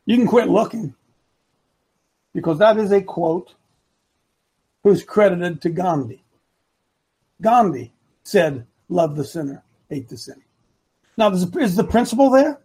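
Rambling husky-voiced male talk host. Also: sits high, expressive, a little slow, pauses often, mellow. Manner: rambling, repeats himself for emphasis, talks to producer and chat. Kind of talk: live opinion commentary show.

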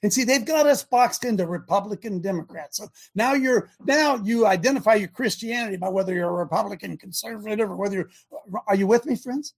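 Casual: host preaching at listeners, kinda husky, fired up, asks questions. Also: medium pitch, expressive, brisk. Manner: fervent, rhetorical questions.

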